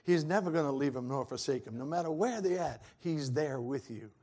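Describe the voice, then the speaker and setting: A man's voice: on the high side, expressive, fairly quick, mellow. A man preaching a sermon in a folksy, earnest way that swells into fervent peaks.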